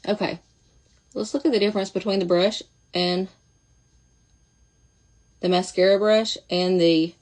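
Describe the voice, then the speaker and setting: A woman talking casually through a makeup demonstration, chatty and thinking aloud as she goes. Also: fairly low pitch. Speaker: makeup seller demonstrating products.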